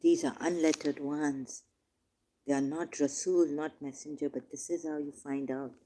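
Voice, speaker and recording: A man reading scripture verses aloud and commenting on them, turning emotional, shifting between quiet musing and loud, drawn-out declaiming. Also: a little high, steady tone, slight background noise. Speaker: religious commentator.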